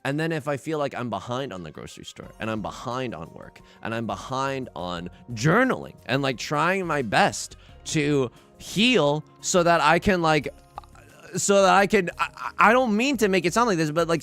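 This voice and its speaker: A young man streaming a game, chatting in a rambling, self-deprecating way with sudden loud outbursts. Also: on the high side, sing-song, normal speed, faint music behind. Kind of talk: casual livestream chat while gaming.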